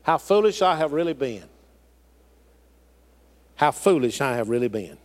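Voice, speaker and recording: Animated preacher man. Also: medium pitch, a little slow. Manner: preaching with rising and falling emphasis, folksy phrasing. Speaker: pastor. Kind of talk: sermon.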